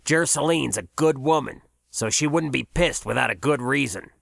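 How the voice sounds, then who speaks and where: A man voicing an older male fry cook, blunt and worried, in an audiobook. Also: mid-range voice, moderate pace, a bit bright, no echo, studio quality. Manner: blunt, exasperated. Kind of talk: audiobook character voice.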